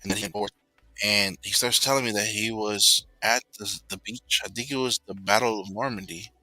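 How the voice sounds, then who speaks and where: A man casually telling a personal story, rambling and filling pauses with "you know.". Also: on the low side, steady tone, pushed and bright, no echo, rough recording.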